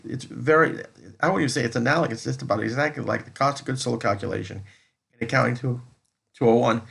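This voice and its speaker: Over a screen recording, a man lectures on accounting, walking through a spreadsheet step by step and restating each point. His mid-range voice has vocal fry and sounds a bit bright and slightly rough.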